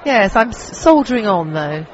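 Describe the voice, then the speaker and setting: A man's voice: high voice, very animated, normal speed, highs cut off, a faint crowd. A man with a head cold interviewing an exhibitor, chatty and friendly in his questions.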